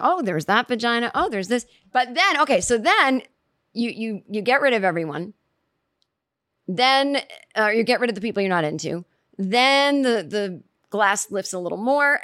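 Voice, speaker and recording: A woman spins a comic story out loud, circling back on herself and piling on "like" and "you know". Her voice leaps up when she hits a punchline. The recording is close and dry, with no room sound. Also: no echo. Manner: rambling, self-interrupting, lots of "like" and "you know"; animated, jumps in pitch for emphasis.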